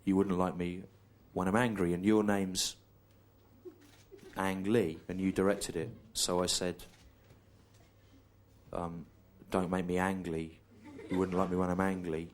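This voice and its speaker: A male stand-up comedian telling a long story in a deadpan, slow, repetitive way, over audience laughter. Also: low-pitched.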